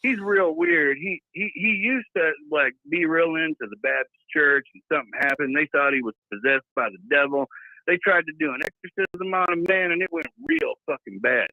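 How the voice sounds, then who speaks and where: A man's voice: fairly high pitch, big pitch swings, moderate pace, vocal fry, no echo. Man doing a crude redneck shop clerk. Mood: matter-of-fact. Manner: crude, exasperated. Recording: tinny phone-like line, dry.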